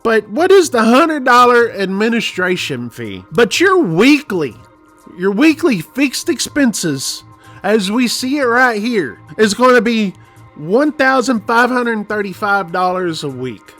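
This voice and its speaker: A man's voice: sits high, big pitch swings, a little slow, a bit bright, faint music behind. A man in his forties, a truck driver and channel host, casually ranting a warning to viewers in an emphatic, rambling way that repeats itself. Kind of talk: casual warning rant to camera.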